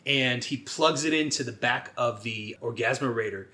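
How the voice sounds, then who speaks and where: A man co-hosting a podcast in casual chat, animated and swearing as he acts out lines from a movie. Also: medium pitch, moderate pace, reverberant. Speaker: podcast co-host.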